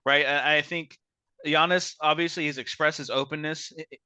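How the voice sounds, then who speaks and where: A man hosting a casual sports podcast, giving measured opinions with frequent restarts. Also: a little high, steady tone, sharp tone, clear, resonant tone, no echo. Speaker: podcast host.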